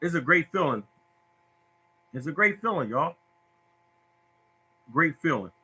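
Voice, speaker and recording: A man's voice: fairly high pitch, very animated, measured pace, bright, forceful tone, husky. A man hosting a casual phone livestream about lottery tips, talking in a preachy, repetitive, emotional way. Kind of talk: casual Facebook live talk.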